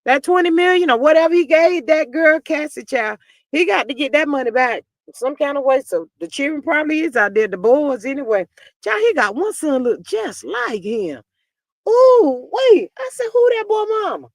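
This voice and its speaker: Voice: sits high, expressive, no echo. Sassy livestream gossip host, dry close sound. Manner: chatty, sassy, reads viewer comments aloud; peppers talk with "child" and drawn-out "mm, mm". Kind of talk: casual gossip commentary on a livestream.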